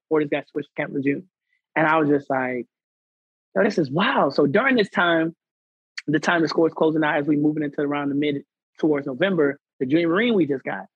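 A man's voice: on the high side, husky, no room sound, highs cut off. A man guest on a podcast telling a personal story in casual slang, acting out what others said. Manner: animated, acts out quoted people; conversational American slang.

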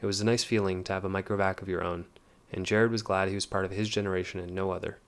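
Very low and flat in pitch, a man's voice narrates an audiobook. His pacing is measured and his delivery consistently even.

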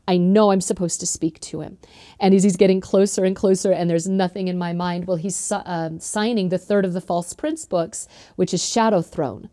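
A woman's voice: on the low side, steady tone, moderate pace, dark tone, dry recording, studio quality. A middle-aged woman from northern Utah, an author being interviewed, telling stories earnestly with frequent ums. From northern Utah, USA. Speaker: author guest. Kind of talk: interview storytelling.

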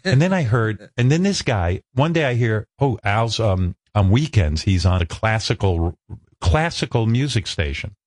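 A man in his sixties from the New York area, a radio host telling stories in an animated, self-mocking, profane way. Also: on the low side, moderate pace, dry recording, studio quality. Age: 60s. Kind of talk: casual chat.

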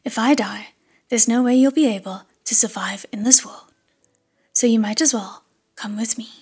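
A woman's voice: fairly high pitch, measured pace. A woman voicing a proud, doomed older brother and water god in a whispered role-play. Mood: desperate. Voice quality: breathy whisper.

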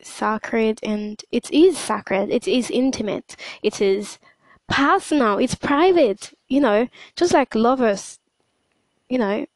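A woman's voice: a little high, animated, takes it slowly, dry recording, poor audio. A young woman talking casually in a hesitant monologue, full of fillers and restarts. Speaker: podcast host.

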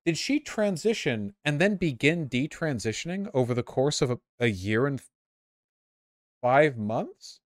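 A man giving casual, sarcastic commentary while reacting to video clips, with quick asides. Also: medium pitch, sing-song, no room sound, clean studio sound.

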